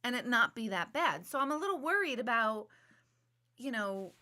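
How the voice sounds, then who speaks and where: A woman's voice: a little high, expressive, moderate pace, pushed and bright. A woman in her forties, an intuitive medium hosting a live stream, chatting casually with viewers, rambling and joking at her own expense while she searches for words. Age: 40s.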